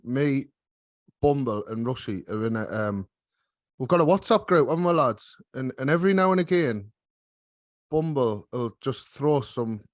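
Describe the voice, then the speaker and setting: A podcast host with a mid-range voice leads a casual chat full of cheeky, sweary banter. He speaks with the microphone held right up to his mouth, and the recording is dry.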